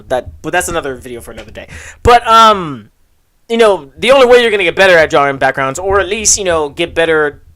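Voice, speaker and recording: A man hosts a casual live stream, talking as a comic artist giving feedback. His speech rambles and is full of "you know" and "like" fillers. His pitch sits in an ordinary middle register. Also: a bit bright. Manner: laughs often while reading.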